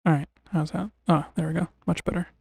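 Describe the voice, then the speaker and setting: A man streaming a game live, making relaxed, rambling commentary with wry, sarcastic asides. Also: on the high side, fairly quick, creaky, slightly rough, no room sound, studio quality. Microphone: desk mic on a streaming setup.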